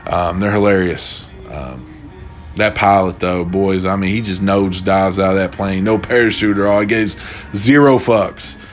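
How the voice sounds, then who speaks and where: With a deep voice, fairly even intonation, and a measured pace, a young man hosts a casual solo podcast over soft background music. Rambling and profane, he swears freely as he loosely retells stories.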